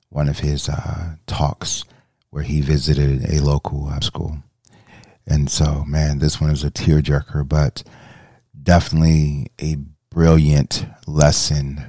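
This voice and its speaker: A man's voice: a bass voice, darkish tone, no echo, clean studio sound. A man hosting a podcast, introducing the episode in a loose, conversational way with many fillers. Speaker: podcast host.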